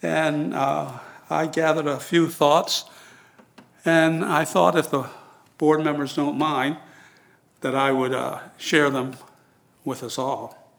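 A man delivers a sermon at an unhurried pace. His voice sits a little high for a man, and he leans deliberately on single words to drive each point home. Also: flat delivery, vocal fry, fairly bright tone. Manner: slow, earnest, deliberate emphasis. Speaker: preacher. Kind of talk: sermon with sung verse.

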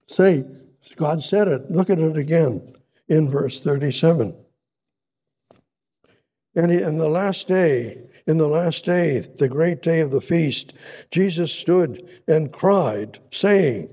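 A man preaching a sermon, expounding scripture in a deliberate way, repeating words for emphasis and swelling louder on key points, with frequent restarts. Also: a little high, expressive. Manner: halting, with frequent restarts and asides.

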